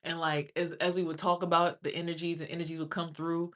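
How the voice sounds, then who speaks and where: Rambling, low-voiced woman livestreamer. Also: level tone, fairly quick, a bit bright. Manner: rambling, profane, talks straight to viewers. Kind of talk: casual livestream chat.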